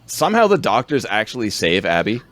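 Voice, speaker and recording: A man's voice: on the low side, wildly swooping pitch, fairly quick, a bit bright. A man co-hosting a podcast, rambling through a film recap in casual chat, laughing often.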